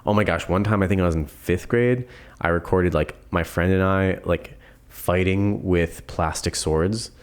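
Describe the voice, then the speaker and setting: Young guy from florida, very low voice, chatting loose and rambly about his past. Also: measured pace. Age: 20s. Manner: relaxed, rambling storyteller with laughs and fillers. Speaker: guest filmmaker. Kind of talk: casual podcast chat.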